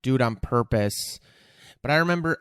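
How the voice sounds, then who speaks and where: A man's voice: mid-range voice, expressive, moderate pace, a bit bright, smooth, no echo, studio quality. A man hosting a podcast, talking candidly and casually, joking one moment and openly emotional the next. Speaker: podcast host.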